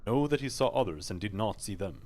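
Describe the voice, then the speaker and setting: A man's voice: on the low side, expressive, brisk, a little mellow. A man voicing a stern, tormented male githzerai warrior, reading game dialogue aloud in solemn, formal speech.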